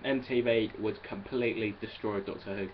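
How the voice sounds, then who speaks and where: A man's voice: on the low side, fairly even intonation, moderate pace, muffled recording, a little hiss or hum. A young man with an English accent ranting in a rambling, exasperated monologue and swearing freely. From England. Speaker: vlogger.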